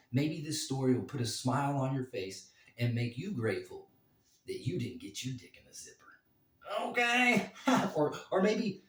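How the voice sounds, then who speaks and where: A man's voice: mid-range voice, darkish tone. Rambling man telling a story, roomy and distant. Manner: rambling, crude humor, many fillers. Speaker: vlogger, former bouncer. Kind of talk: casual storytelling.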